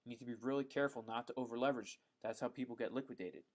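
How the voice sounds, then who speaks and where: A man runs a live Q&A stream, reading viewer questions aloud and answering off the cuff. His voice sits at an ordinary middle pitch. He talks in a loose, friendly way, with plenty of ums and the occasional "bro". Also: racing. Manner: relaxed and chatty, frequent ums, calls viewers bro. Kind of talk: casual live Q&A chat.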